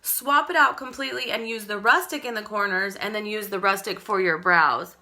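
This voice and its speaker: Bright-voiced chatty woman doing makeup. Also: mid-range voice, moderate pace. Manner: chatty, rambling, talks to viewers by name. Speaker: makeup seller demonstrating products. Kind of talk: live makeup tutorial chat. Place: at home.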